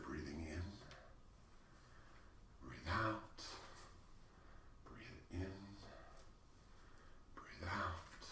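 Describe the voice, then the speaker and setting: A man with a very low but bright, forceful voice leads a qigong class, calmly calling each breath in and out. He slips in light, joking asides between the cues. He sounds a little away from the mic in an echoey room. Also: recorded from a distance, slight background noise. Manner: calm, cueing breaths, with playful asides. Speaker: qigong instructor. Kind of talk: guided movement instruction.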